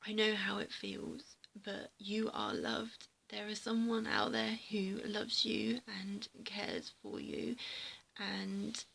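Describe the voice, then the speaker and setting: A tearful woman vlogging a heartfelt personal message on a handheld camera, speaking haltingly and often dropping into a breathy half-whisper. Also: medium pitch, lively intonation, fairly bright tone, slight background noise, rough recording. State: tearful, emotional. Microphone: handheld camera mic.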